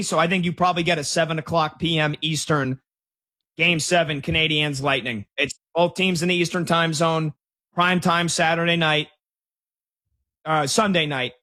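A man co-hosting a live sports talk show, calling game results with excited emphasis. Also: a little high. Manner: excited, emphatic score updates.

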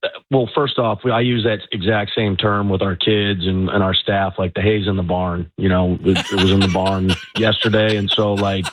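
A man, a high school football head coach, talking in a relaxed way with lots of fillers during a phone-in interview. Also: moderate pace, a little hiss or hum. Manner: relaxed, many fillers like "you know" and "um". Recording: tinny phone line.

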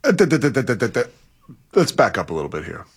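A man co-hosting a sports radio show, talking in halting bursts with many restarts and chuckles. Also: medium pitch, huge pitch swings, husky.

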